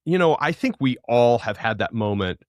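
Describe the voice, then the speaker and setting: A man hosting a podcast, asking long, measured, thoughtful questions. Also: medium pitch, expressive, dry recording, studio quality. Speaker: podcast host. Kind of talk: interviewing.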